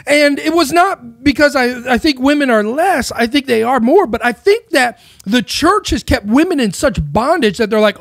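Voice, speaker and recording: A man's voice: extremely high pitch, animated, moderate pace, vocal fry, hardly any pauses, no room sound, clean studio sound. Man rambling with rhetorical questions. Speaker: Christian speaker. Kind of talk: casual monologue on faith.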